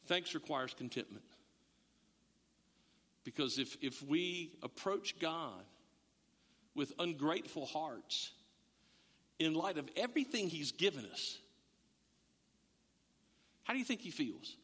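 A middle-aged man preaching a sermon as a pastor, animated, acting out voices and often restarting his words. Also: a little high, slow pace, long pauses, breathy edge. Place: church sanctuary. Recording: long reverb of a church hall.

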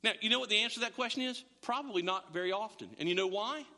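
A man preaching a sermon as pastor, animated and acting out his listeners' voices. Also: high-pitched, racing, long reverb tail.

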